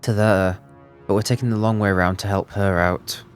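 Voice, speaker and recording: A man hosting a let's play, chatting excitedly and thinking aloud as he plays. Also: fairly low pitch, fairly quick, music in the background. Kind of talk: gaming commentary.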